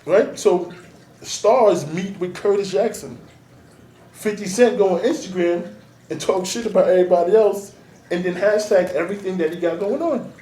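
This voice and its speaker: Blunt, streetwise man, slightly high voice, slightly off-mic in a roomy space. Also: normal speed, mellow. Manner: blunt, streetwise, profane, emphatic. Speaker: artist and DJ manager, guest. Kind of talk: casual interview talk. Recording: roomy, noisy, mic at a distance.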